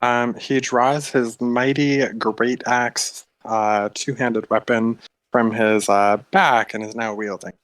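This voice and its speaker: A man's voice: mid-range voice, fairly even intonation, slow pace, a bit bright. Man running a tabletop game. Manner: casual, hesitant with fillers. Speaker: game master.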